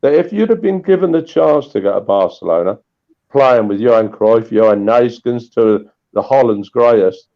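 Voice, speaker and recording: A man swapping old anecdotes in a casual chat, animated and full of restarts. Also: medium pitch, normal speed, muffled recording. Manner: animated storytelling with repeated restarts. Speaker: guest storyteller.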